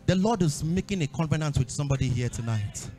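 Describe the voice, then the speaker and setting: A man with a Nigerian accent preaching a sermon at a church service, repeating phrases and breaking into shouts. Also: a little high, expressive, fast talker, faint music behind. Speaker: pastor.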